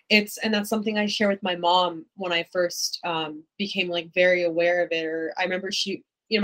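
A woman's voice: on the low side, a bit bright, low-quality recording. A young adult woman speaking candidly and reflectively as an interview guest, with many filler words. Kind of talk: casual interview talk.

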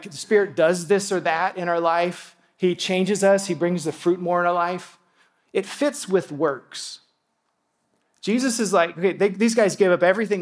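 A man preaching a sermon to a congregation, animated and excitable, dropping from loud bursts to hushed tones. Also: high-pitched. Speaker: pastor.

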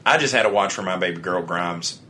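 A man's voice: deep voice, a little fast, pushed and bright, slight background noise. A man co-hosting a podcast in casual chat, blunt and profane, often laughing. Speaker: podcast co-host.

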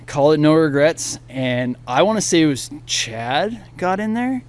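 A man as a podcast guest telling a long story in a casual, animated way, laughing often and acting out what others said. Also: a little high, measured pace, a little hiss or hum.

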